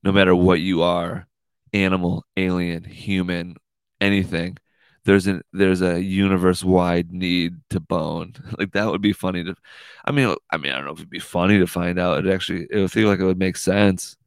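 A man's voice: sits low, fairly even intonation, moderate pace, smooth, no room sound. A man hosting a casual livestream podcast, rambling and swearing, saying "dude" a lot. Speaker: podcast host.

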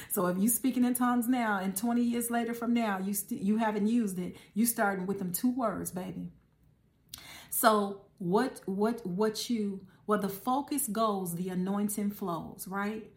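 A woman's voice: medium pitch, a little slow. Earnest woman preaching to listeners. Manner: repeats phrases, calls listeners "baby" and "guys"; earnest, exhorting. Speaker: podcast preacher. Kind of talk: conversational preaching.

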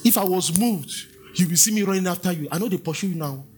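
A man's voice: high voice, fast, a little mellow, faint music behind. A Nigerian man preaching in a church, swinging between conversational asides and chanted King James scripture. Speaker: pastor. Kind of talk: sermon.

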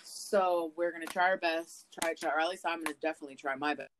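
Woman podcast host, kinda low voice, swears a ton, gets really animated telling stories. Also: quick pace, slight background noise, poor audio. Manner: profane, animated storytelling with big swings in pitch. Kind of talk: casual podcast chat.

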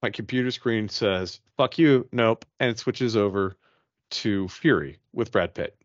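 A man's voice: lowish voice, a little slow, no room sound, highs cut off. A man on a podcast casually telling a ghost story, profane and rambling, acting out his own reactions. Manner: profane, rambling, animated retelling.

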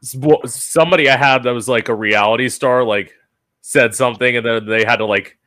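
A man's voice: medium pitch, brisk. A man hosting an interview, telling gossipy stories casually and filling his talk with "like.". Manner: gossipy, animated storytelling with many fillers. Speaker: interview host.

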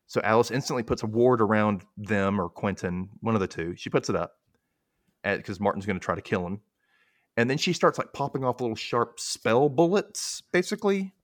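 A man's voice: on the low side, animated, moderate pace, dry recording, studio quality. A young man hosting a podcast, casually recapping a TV episode and acting out characters' lines in exaggerated voices. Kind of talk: casual chat.

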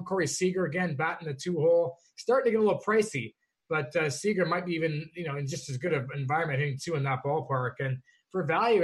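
A man rattles through fantasy baseball picks quickly and confidently. His voice sits a little high, and he keeps a brisk pace. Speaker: co-host analyst. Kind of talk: fantasy baseball strategy chat.

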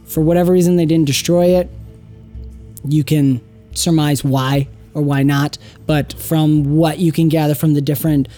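A woman narrating as game master of a tabletop game, giggly and lively. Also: low voice.

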